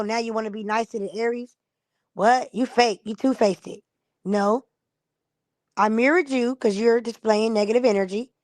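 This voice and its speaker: A woman's voice: mid-range voice, no room sound, studio quality. A woman streamer in a casual live-stream monologue, blunt and profane, acting out the people she quotes.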